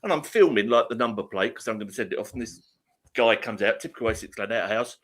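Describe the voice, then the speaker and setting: A man's voice: fairly low pitch, fast talker. A middle-aged man chatting casually as co-host, acting out both sides of his stories. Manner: animated storyteller, acts out both sides. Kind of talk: casual chat, anecdote.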